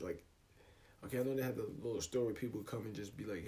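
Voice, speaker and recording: Young guy hosting his own podcast, rambling and cussing, lowish voice. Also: steady tone, fast talker, darkish tone, slight background noise. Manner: loose, profane and rambling, with laughs. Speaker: podcast host. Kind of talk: casual solo podcast rant.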